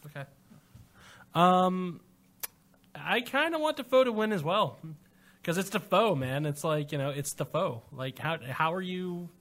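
High-voiced young man rambling casually. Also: lively intonation, measured pace, long pauses, fairly bright tone. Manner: joking, rambling asides. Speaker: podcast co-host. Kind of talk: casual chat.

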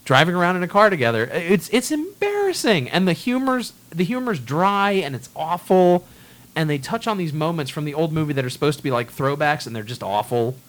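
A man's voice: on the high side, big pitch swings, a little fast, a bit bright. A man hosting a casual movie chat, ranting bluntly and swearing freely. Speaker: podcast host.

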